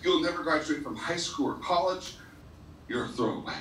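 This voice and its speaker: A man voicing a cruel female teacher who slowly hands down a harsh verdict to a pupil. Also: fairly high pitch, lively intonation, a bit bright, slight background noise. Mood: cold. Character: cold, cruel female schoolteacher. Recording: echoey school hall from far off.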